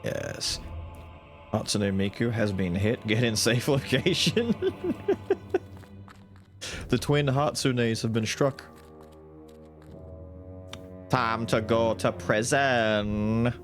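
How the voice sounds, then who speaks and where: A man's voice: medium pitch, slow pace, pauses often. A man streaming a video game, giving casual commentary with crude, joking asides. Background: loud game music.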